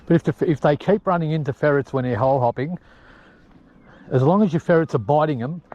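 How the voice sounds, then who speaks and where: A man's voice: on the high side, fairly quick, highs cut off. Man out ferreting on a hillside. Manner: chatty, talks to his dogs and ferrets, shouts calls. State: sweaty from climbing hills. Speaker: ferreter filming his hunt. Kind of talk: casual outdoor commentary. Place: outdoors on a hillside.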